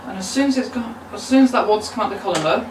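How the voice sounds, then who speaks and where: A woman with a medium-pitched voice races through a casual cooking demonstration in her home kitchen, chatting with joking, self-mocking asides. As the cooking video host, she's recorded in a noisy kitchen with clattering pans, cutlery, pots and general kitchen ambience.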